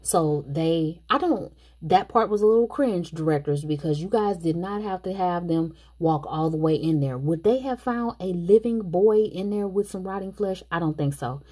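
A woman's voice: fairly low pitch, animated, moderate pace, mellow, husky. A woman casually recapping a movie plot and chatting her opinions straight to the viewers. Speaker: movie reviewer.

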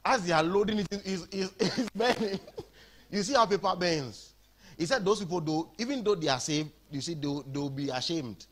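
A man with a Ghanaian accent preaching an animated sermon in a church, switching between English and Twi. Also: high voice, moderate pace.

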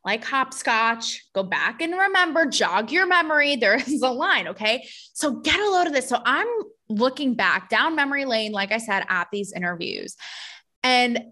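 A woman with a bright, forceful voice pitched a little high talks straight into the mic as a podcast host. She is blunt and sarcastic, drops swear words freely and slips into mocking voices. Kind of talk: opinionated solo podcast monologue.

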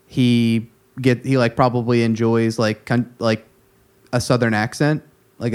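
Male podcast co-host, loose conversational delivery, halting with fillers. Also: mid-range voice, smooth. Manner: rambling, many fillers and restarts. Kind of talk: casual music chat.

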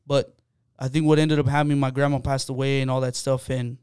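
Smooth-voiced man telling an earnest story. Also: medium pitch, little pitch movement, brisk, darkish tone, no room sound, studio quality. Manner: earnest storytelling with many fillers. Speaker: podcast guest. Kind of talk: casual podcast chat.

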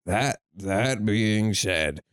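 A man's voice: lively intonation, fairly bright tone, clean tone, dry recording, clean studio sound, heavily acted. A man putting on the voice of a sleepy, decrepit old man reading a review aloud. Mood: drowsy. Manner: slow, low and drowsy.

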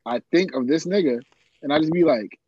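A man's voice: fairly high pitch, a little fast, dark tone, breathy edge, no echo. A man co-hosting a podcast, teasing a friend in casual banter. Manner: teasing, joking. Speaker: podcast co-host. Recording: slightly dull, dry sound.

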